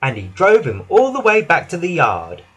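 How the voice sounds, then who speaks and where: A man narrating a children's storybook with an animated, expressive reading. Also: on the high side, normal speed, husky.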